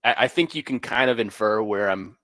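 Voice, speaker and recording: Speaking fairly quickly in a fairly low voice, a young man co-hosts sports talk radio, bantering through lively, sarcastic anecdotes loaded with fillers. The studio recording is dry.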